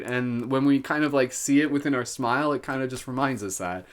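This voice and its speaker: A man's voice: medium pitch, a little fast. A man hosting a live guided meditation, upbeat and giggly, with many "like" fillers. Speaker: meditation host.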